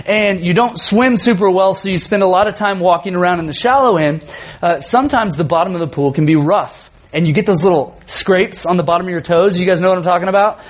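A man in his thirties, a youth pastor telling a funny family story in a sermon, animated and often laughing. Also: high voice.

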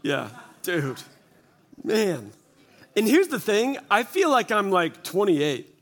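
Man in his forties, church talk, self-deprecating storytelling, quoted asides, fairly high voice. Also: big pitch swings, takes it slowly. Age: 40s. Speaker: church speaker. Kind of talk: humorous testimony talk. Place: church gathering before an audience.

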